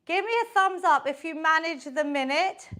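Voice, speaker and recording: A woman's voice: very high-pitched, normal speed, pushed and bright. A woman leading a live online workout class, encouraging her group and counting the reps aloud. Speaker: fitness instructor.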